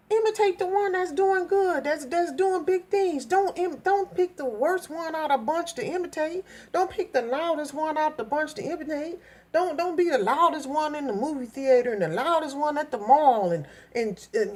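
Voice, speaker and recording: A middle-aged woman from Minnesota telling a story in a blunt, profane, animated vlog rant. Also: high-pitched. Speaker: vlogger.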